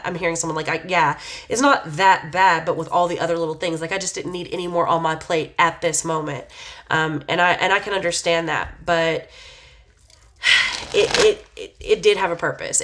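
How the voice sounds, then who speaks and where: A woman with a somewhat low voice talks through a tarot reading in a relaxed, casual way. She meanders and hesitates, leaning on fillers as she muses aloud about what she senses. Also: a little hiss or hum. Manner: reflective, intuitive musing. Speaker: tarot reader.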